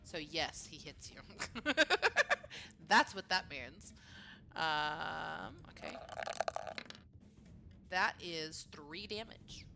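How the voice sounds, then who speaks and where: A woman running a tabletop game as dungeon master, chatty and quick to laugh. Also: deep voice, vocal fry, sharp tone, soft background music.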